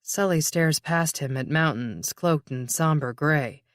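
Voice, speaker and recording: Measured audiobook narrator. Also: medium pitch, no echo, studio quality.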